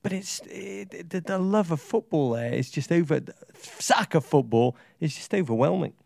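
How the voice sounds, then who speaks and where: A man with a gravelly, creaky edge to his voice, chatting as a podcast co-host. He tells stories in a rambling, excitable way. The sound is close and dry, with no room around it. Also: a little high, moderate pace, no room sound. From England. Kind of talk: casual chat.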